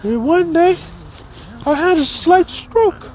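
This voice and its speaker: A man voicing a gruff chain-smoking older male schoolteacher, barking the same phrases over and over in a squeaky, dead-serious way. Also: animated, slow pace, slight background noise, full character voice. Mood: deadpan.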